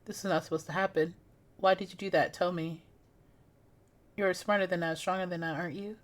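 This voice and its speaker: Woman doing a grave, hushed voice from the void. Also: lowish voice, fairly even intonation, a little fast, pitched below the performer's own voice, close to an everyday voice. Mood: solemn. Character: solemn mysterious guiding voice from the void.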